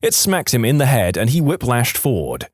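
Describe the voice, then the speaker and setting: A man's voice: medium pitch, huge pitch swings, moderate pace, no echo. A man narrating online stories aloud with a dry, wry delivery on a close microphone. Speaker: story narrator.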